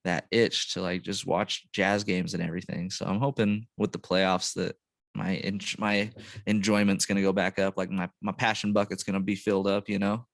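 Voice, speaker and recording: A man with a fairly low voice chats in an easygoing, unhurried way, tossing in "dude" and "man" as he hosts a sports podcast. The sound is dry and close, with no room around it. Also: level tone, creaky, no room sound. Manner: laid-back, says dude and man a lot. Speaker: podcast host. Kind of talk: casual chat.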